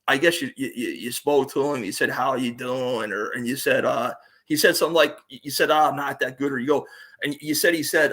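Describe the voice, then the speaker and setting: A man's voice: mid-range voice, moderate pace, a bit bright. A man guesting on a live talk show, chatting casually, rambling and repeating words as he retells stories. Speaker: guest co-host.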